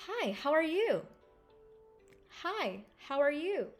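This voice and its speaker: A woman's voice: high voice, animated, slow, a bit bright, soft background music, voice pushed up, full character voice. A woman reading the man's part in a practice dialogue with a light, rising, conversational delivery. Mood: friendly. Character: casual young man greeting a friend.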